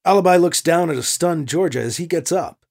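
A man reading a science fiction story aloud as narrator, expressive and animated. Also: a little high, fairly quick. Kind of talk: audiobook narration.

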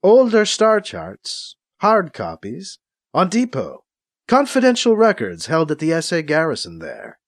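Stern older aunt, weary and guarded, voiced by a male narrator; lively pitch, dry close sound. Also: measured pace, dry recording. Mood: reluctant. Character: stern, solemn older woman, a former leader and aunt. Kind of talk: audiobook character voice.

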